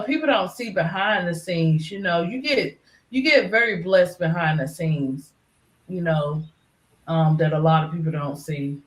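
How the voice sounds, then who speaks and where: A middle-aged woman, a regular on a livestream panel, chats in a loose, rambling style packed with filler words. Her voice is fairly low and sounds reverberant.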